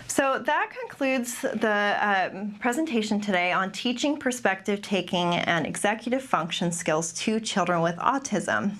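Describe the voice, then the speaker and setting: A young adult woman, a behavior analyst, gives a webinar talk and answers questions, with many pauses and restarts. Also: mid-range voice, expressive, a bit bright. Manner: careful, with frequent ums and restarts. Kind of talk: webinar presentation with Q&A.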